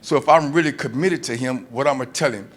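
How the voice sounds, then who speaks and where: A man's voice: medium pitch, a little fast, a bit bright, a little hiss or hum. Earnest man speaking up from the audience. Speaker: audience member. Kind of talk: casual comment from the audience.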